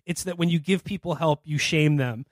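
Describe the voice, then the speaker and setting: A man's voice: a little high, a little fast, no room sound, clean studio sound. Profane laughing man on a podcast. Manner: profane, laughing, acts out quoted characters. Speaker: podcast co-host. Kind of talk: casual comedic podcast chat.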